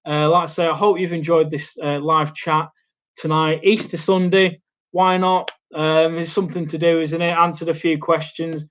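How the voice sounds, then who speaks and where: A young man chatting through a live Q&A at his laptop in a small home studio. His voice sits fairly high for a man. He rambles and hesitates, with lots of ums and restarts along the way. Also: flat delivery, normal speed, a bit bright. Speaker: YouTube host. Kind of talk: casual live Q&A chat. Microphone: laptop mic.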